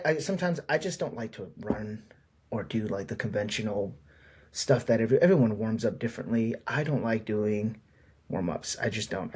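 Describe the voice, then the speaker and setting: A lowish, darkish, husky male voice, recorded with no echo, belongs to a man hosting his own podcast. In this casual solo monologue he speaks frankly and meanders, filling gaps with lots of fillers.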